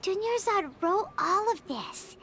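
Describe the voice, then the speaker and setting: A woman's voice: very high voice, lively intonation, takes it slowly, sharp tone, a little hiss or hum, heavily acted. A woman voicing a tiny, chatty floating companion sprite in a video game, who talks about herself by name. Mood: lively. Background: game music.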